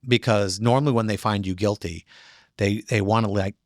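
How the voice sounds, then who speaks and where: A middle-aged man, a trial attorney, telling a story in a casual interview, lively, acting out other people's voices in quotes. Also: fairly low pitch, normal speed, no echo, clean studio sound.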